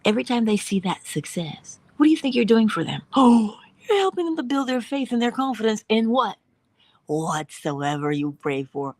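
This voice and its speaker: A woman with a low, husky voice delivers an inspirational spiritual talk as host of a morning livestream. She speaks with animation, slips into little voices, and sinks into soft whispers for emphasis. The sound is dry and close. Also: dry recording. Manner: animated, acts out dialogue in voices, drops to whispers.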